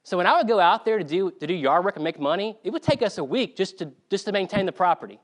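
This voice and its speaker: A preacher from South Carolina delivers a sermon with animated storytelling. His voice sits high for a man and swings widely in pitch, which keeps the delivery lively. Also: fast.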